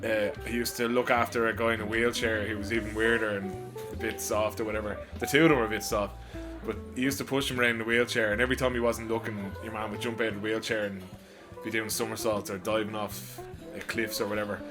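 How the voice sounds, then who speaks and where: A man's voice: lowish voice, little pitch movement, fast talker. Easygoing man, guitar behind. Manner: easygoing and crude. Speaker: podcast co-host. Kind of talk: casual storytelling chat.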